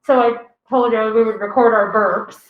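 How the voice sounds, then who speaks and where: A woman telling stories in a loose, animated way, jumping her voice up when she quotes someone. Her voice sits a bit high, and the sound is roomy and dull, like a lo-fi recording in a bare room. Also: moderate pace. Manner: animated, acts out quotes in a raised voice. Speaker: podcast co-host. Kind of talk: casual storytelling chat.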